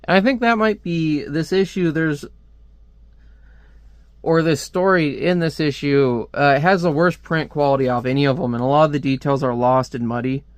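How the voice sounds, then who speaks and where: A man's voice: a little high, normal speed, clean tone, no room sound. A man casually reviewing a comic book on video, rambling with lots of filler words and restarts, close to the mic at home.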